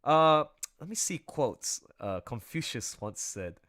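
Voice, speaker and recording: A man streaming live and chatting casually, excitable, laughing often and trailing off mid-sentence. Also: mid-range voice, slow. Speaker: streamer and artist. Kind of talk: casual livestream chat.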